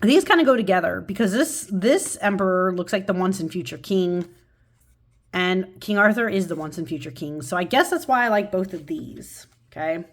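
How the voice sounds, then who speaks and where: A woman's voice: fairly low pitch, lively intonation, moderate pace. Chatty woman rambling about tarot cards. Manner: enthusiastic and rambling, many fillers and restarts. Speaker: tarot channel host. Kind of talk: casual chat showing tarot cards.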